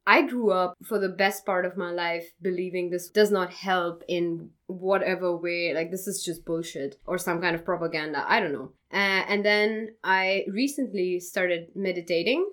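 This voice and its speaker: A woman's voice: on the low side, moderate pace, few pauses, fairly bright tone. A young adult woman chatting candidly as a podcast guest, swearing casually.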